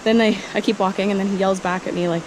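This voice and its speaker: A woman's voice: medium pitch, fairly even intonation, fast talker, background noise. A young woman chatting casually while hiking, giggly and self-deprecating, filmed on a handheld camera outdoors by flowing water. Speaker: vlogger.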